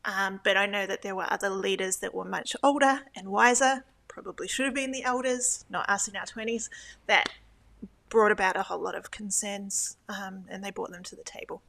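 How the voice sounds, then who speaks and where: A woman's voice: medium pitch, normal speed, gravelly, sharp tone. Hesitant, reflective woman interviewee. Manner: reflective, hesitant, many fillers and restarts. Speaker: guest, former church elder.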